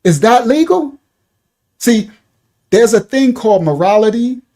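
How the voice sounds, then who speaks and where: A man's voice: extremely high pitch, sing-song, measured pace, dark tone. A man giving loose, repetitive livestream commentary, talking to his chat viewers by name. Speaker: online commentator.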